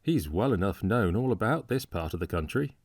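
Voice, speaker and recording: A man reading a storybook part as a frank, cheerful young gentleman who speaks warmly and eagerly and laughs easily. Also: fairly low pitch, expressive, moderate pace, no room sound, studio quality. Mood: cordial. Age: young adult.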